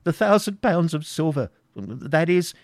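A man's voice: fairly high pitch, very animated, unhurried, no room sound, pitched above the performer's own voice. Storybook figure: a frightened, stammering old moneylender, put on by a male reader, raised and strained above the reader's own voice, dry close sound. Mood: pleading. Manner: stammering, pleading.

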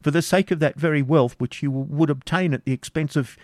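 A man's voice: fairly high pitch, a little fast, a little mellow, no room sound, studio quality, voice pushed up, close to an everyday voice. A man voicing a timid, pleading old male moneylender who stammers as he begs, read as a storybook figure.

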